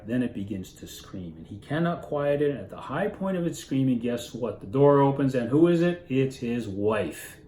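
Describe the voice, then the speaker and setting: A man's voice: medium pitch, dark tone. A man giving a casual classroom literature lecture, talking conversationally and posing rhetorical questions to his students. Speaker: literature teacher. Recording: roomy echo with faint background noise.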